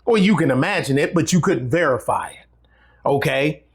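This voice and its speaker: A man's voice: a little high, animated, normal speed, slightly rough. A middle-aged man, talking casually to his viewers in a rambling, folksy way with many restarts. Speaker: channel host. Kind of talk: casual talk to camera.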